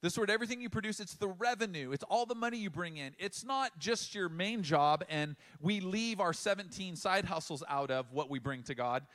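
A middle-aged man giving a sermon in a conversational way, with emphatic pauses and frequent restarts. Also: sits high, a bit bright. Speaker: pastor.

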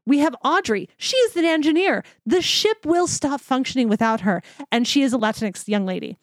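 Excited woman gushing on a podcast. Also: high-pitched, no echo, clean studio sound. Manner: enthusiastic, gushing, rapid asides. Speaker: podcast co-host. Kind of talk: casual chat.

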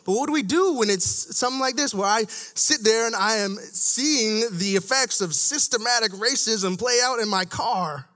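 Animated high-voiced male preacher. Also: normal speed, hardly any pauses. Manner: conversational and animated, shifting between low asides and raised emphasis. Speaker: church staff speaker. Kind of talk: sermon.

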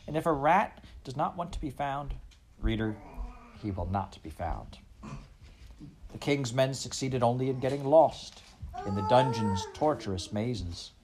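A man reading a children's novel aloud, a measured storyteller who often speaks straight to the listener. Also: medium pitch, noisy background. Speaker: audiobook narrator.

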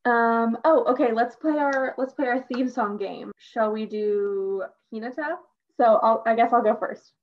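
A young woman co-hosting a podcast, chatting excitedly as a fan, laughing and filling her talk with "like". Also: on the high side, measured pace, hardly any pauses. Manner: excitable, laughing, heavy use of "like". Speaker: podcast co-host. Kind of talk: casual fan chat. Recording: dull lo-fi sound.

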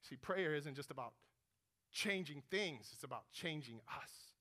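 A man preaching a sermon, retelling a story with animated, dramatized prayers, rising to pleading and dropping to a hush. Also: on the high side, a little slow.

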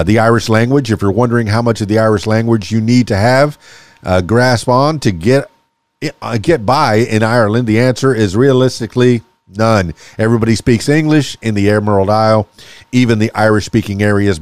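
Low-voiced man hosting a chatty solo podcast. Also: no room sound. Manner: chatty, muses aloud with chuckles and restarts. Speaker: podcast host. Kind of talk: casual solo podcast reading.

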